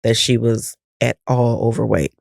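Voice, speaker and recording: A man's voice: medium pitch, normal speed, creaky, dry recording, clean studio sound. A man co-hosting a podcast, speaking earnestly and emphatically in casual chat, sometimes searching for words. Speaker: podcast co-host.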